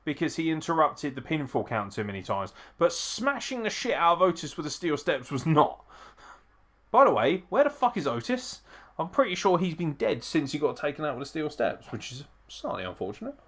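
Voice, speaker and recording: A man's voice: fairly high pitch, big pitch swings, brisk, a bit bright. A man hosting a live watch-along, reacting casually and profanely, often chuckling as he comments. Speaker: wrestling show host.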